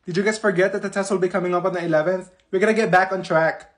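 A man's voice: high-pitched, steady tone, rapid-fire, natural voice. A man playing a strict bossy schoolteacher. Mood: stern. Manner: stern, scolding. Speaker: comedic skit creator. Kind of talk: comedy sketch voices.

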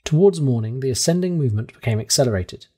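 A man narrating a classic novel aloud in a steady, measured first-person storytelling manner. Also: mid-range voice, husky. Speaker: audiobook reader.

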